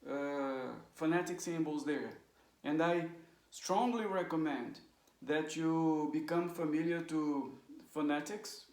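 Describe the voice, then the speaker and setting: Heard from far off in an echoey room, an English teacher with a low, darkish voice gives a slow pronunciation lesson. She's a native Portuguese speaker who repeats words for practice and frequently asks "right?" or "okay?"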